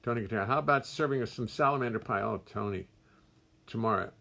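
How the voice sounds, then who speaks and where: Reading viewers' names on a casual livestream from his music studio, an older man welcomes them warmly, chatting and cracking wry jokes about himself. He talks at a quick pace in a fairly low voice with vocal fry.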